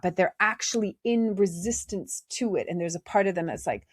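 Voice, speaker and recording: A woman talks about inner life in a relaxed, reflective podcast style, her voice sitting low and calm. She speaks gently and conversationally, leaning on fillers like "you know" and "right". The sound is dry and close, with no room around it. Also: fairly quick, few pauses, breathy edge, no echo. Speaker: podcast host. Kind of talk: reflective spiritual talk.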